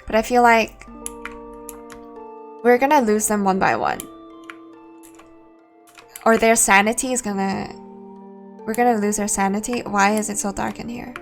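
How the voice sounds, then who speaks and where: A woman's voice: medium pitch, expressive, unhurried, creaky, long pauses, soft background music. A woman streaming a game, chatting casually and thinking aloud, laughing easily. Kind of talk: casual let's-play commentary.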